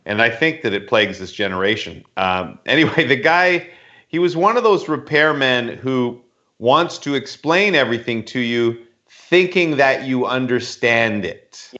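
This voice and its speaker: Man, podcast co-host, self-deprecating, lively bright voice, slightly dull lo-fi sound. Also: mid-range voice, measured pace. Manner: self-deprecating, laughs often while telling stories. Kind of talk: casual podcast chat.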